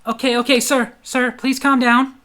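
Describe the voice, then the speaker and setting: A man voicing a weary female restaurant manager who hesitantly tries to calm an angry customer, repeating "sir". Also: very high-pitched, normal speed. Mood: placating.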